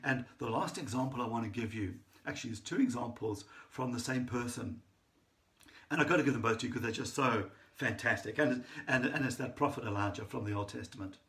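A man preaching a sermon, telling a Bible story with lively enthusiasm and frequent restarts. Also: medium pitch, brisk.

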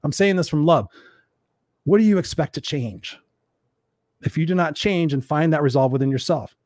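A man's voice: a little high, lively intonation, normal speed, a little mellow, dry recording, clean studio sound. A man in his forties giving a fiery, profane motivational talk as a livestream host.

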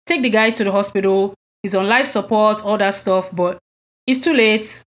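A woman's voice: mid-range voice, normal speed, fairly bright tone. Woman, podcast co-host, casual chat, emphatic, indignant, rhetorical questions.

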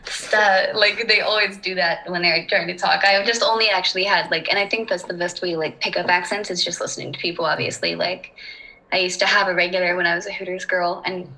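A woman's voice: lowish voice, fairly even intonation, fairly quick, pushed and bright, rough recording. A woman chatting on a podcast, playful and giggly, trying out silly accents. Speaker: podcast guest. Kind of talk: casual chat.

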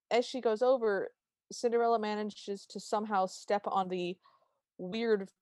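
A woman's voice: mid-range voice, darkish tone, no echo, studio quality. A woman co-hosting a podcast, casually retelling a TV special's plot and quoting its lines. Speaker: podcast co-host. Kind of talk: casual chat recapping a TV special.

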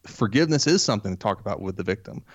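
Male podcast host, lowish voice, dry close sound, conversational and quick to laugh. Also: animated, no echo. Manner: conversational, reads passages aloud and comments, laughs easily. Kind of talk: casual podcast discussion.

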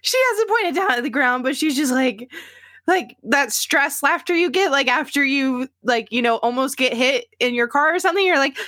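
Brief: bright, high-voiced female player, slow and animated, dry sound. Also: no room sound. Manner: animated, filler-heavy. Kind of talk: describing her character's actions.

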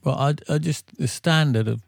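A man's voice: a little high, normal speed, vocal fry, no room sound, clean studio sound. A tired man, a singer and regular guest, telling rambling self-deprecating stories in casual podcast chat. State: tired from a sleepless night.

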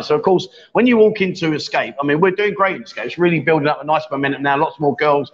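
A man's voice: fairly high pitch, expressive, fast talker, few pauses. A middle-aged man hosting a casual live stream, chatty and jokey, reading viewer comments and laughing often. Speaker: livestream host. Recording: dull lo-fi stream audio.

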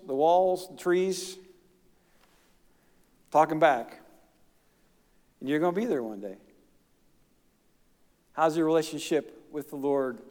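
Man, pastor, middle-aged, folksy plain-spoken preaching, rather high pitch, reverberant church hall. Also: mellow, clear, resonant tone. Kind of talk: sermon.

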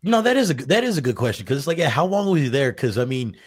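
A man co-hosting a podcast, talking about films in an animated, profane way and laughing often. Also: mid-range voice, fast talker, husky. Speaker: podcast co-host. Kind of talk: casual movie discussion.

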